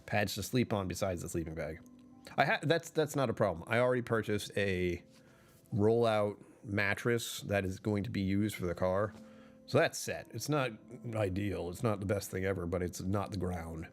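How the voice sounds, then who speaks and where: Rambling, low-voiced male streamer. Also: moderate pace, soft background music. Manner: rambling, self-correcting, often laughing mid-sentence. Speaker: livestreamer. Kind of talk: casual livestream chat.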